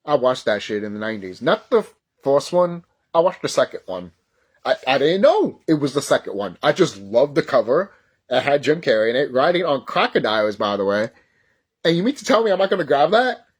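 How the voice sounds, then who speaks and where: A man in his thirties talking casually in a vlog, excitable and rambling, swearing often and stumbling over his words when he gets worked up. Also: mid-range voice, a little fast, husky. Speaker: YouTuber. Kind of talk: casual nostalgic vlog talk.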